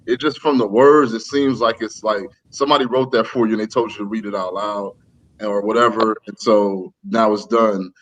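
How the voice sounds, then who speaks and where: A man's voice: on the low side, fairly even intonation, moderate pace, fairly bright tone, low-quality recording. A man co-hosting a podcast, chatting loosely with hedging slang and restarts. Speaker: podcast co-host. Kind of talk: casual chat.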